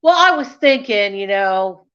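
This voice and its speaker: A young woman hosting a YouTube channel chats casually with her viewers live, frank and scattered, laughing often. Her medium-pitched voice is expressive, sharp and clean in tone, with a measured pace, though the recording has a dull lo-fi sound.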